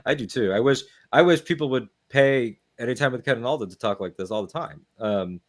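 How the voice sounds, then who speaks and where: A man co-hosting a casual livestream talk show, easygoing, often trailing off quieter as he thinks aloud. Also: mid-range voice, fairly quick. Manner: easygoing, drifts softer and quieter as he muses. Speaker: co-host.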